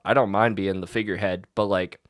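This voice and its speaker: A man's voice: low voice, steady tone, quick pace, no room sound, clean studio sound. A young man co-hosting a podcast, telling a story in casual chat with lots of fillers and restarts. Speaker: podcast co-host.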